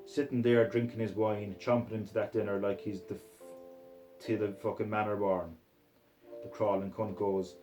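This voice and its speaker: Guy doing a dodgy scottish accent, reading sweary gritty story, kinda low voice. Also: little pitch movement, normal speed, warm tone, soft background music, poor audio. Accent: put-on Scottish. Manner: profane, aggressive, rough. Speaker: reader. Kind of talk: first-person narration of a crude, gritty novel.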